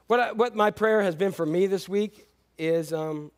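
A man preaching a sermon as a pastor, animated, swinging between loud and hushed delivery. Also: sits high, normal speed, few pauses.

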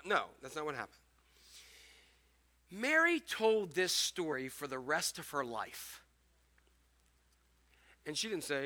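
Very bright, lively-voiced male pastor. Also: a little high, moderate pace, long pauses. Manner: animated, joking, acts out scenes. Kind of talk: sermon.

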